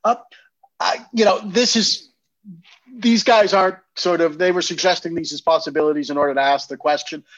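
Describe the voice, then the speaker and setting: A man from New England with a fairly high voice, musing aloud on a podcast. He hedges and restarts often as he thinks. The recording is dry and slightly muffled. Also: fairly even intonation, a little fast, a bit bright, no room sound. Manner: thoughtful, hedging, with many restarts. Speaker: podcast co-host. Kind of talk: casual discussion.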